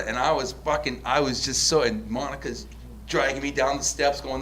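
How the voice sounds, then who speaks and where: A man's voice: mid-range voice, normal speed. A man from the United States, in his forties, tells a long story on a podcast. He swears freely, restarts his sentences and acts out the people he quotes. There is a faint hiss of room noise behind him. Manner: profane, animated storyteller with many restarts. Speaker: podcast host. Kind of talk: casual storytelling chat.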